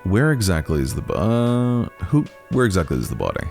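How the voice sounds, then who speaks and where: A man's voice: low-pitched, huge pitch swings, fairly quick, vocal fry, a little mellow, soft background music. A man hosting a let's play, reading a game's dialogue aloud and musing between lines. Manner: musing, reads all parts with shifting voices. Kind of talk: reading game dialogue aloud while playing.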